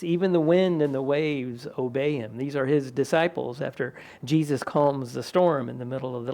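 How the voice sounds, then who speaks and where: A man's voice: medium pitch, moderate pace, creaky, hardly any pauses, a little mellow. A man, a pastor, preaching a conversational sermon in a church, lifting his voice when he quotes the people in the scripture. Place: church sanctuary.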